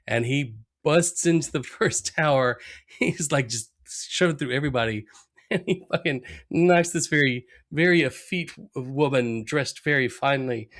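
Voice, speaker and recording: A man's voice: medium pitch, measured pace, fairly bright tone. Laughing male podcast co-host. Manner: laughs often, acts out quoted lines. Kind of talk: casual chat, retelling scenes.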